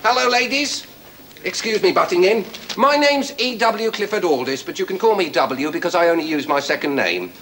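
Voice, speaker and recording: An actor playing a prim, moralizing English gentleman, pompous and preachy, in a 1970s TV sketch. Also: high voice, animated, moderate pace, a little hiss or hum, low-quality recording.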